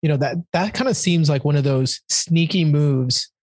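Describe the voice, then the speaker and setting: Husky higher-voiced man hosting podcast. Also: normal speed, darkish tone, no room sound. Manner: reflective, self-deprecating, frequent short affirmations. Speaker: podcast host. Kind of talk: conversational interview.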